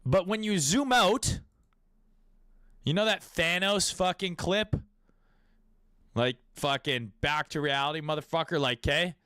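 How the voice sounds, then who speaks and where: A man's voice: fairly high pitch, a little slow, pauses often, pushed and bright, clear, resonant tone, dry recording, studio quality. A man in his late twenties or thirties giving casual, crude and profane crypto market commentary, riffing off the cuff.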